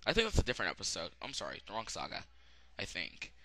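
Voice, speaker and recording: A young man giving a rambling, casual spoken anime review, full of fillers and sudden excited outbursts. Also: low voice, fast, no room sound. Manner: rambling, many "um"s, bursts of loud excitement.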